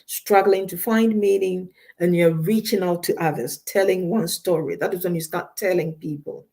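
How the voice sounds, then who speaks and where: A woman counselor talks straight to radio listeners, driving her advice home through repetition. Her voice is mellow and darker than most. She speaks with steady, earnest emphasis. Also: on the low side, moderate pace, gravelly. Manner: emphatic, repeats key points, direct advice to listeners. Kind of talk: counseling talk on a radio show.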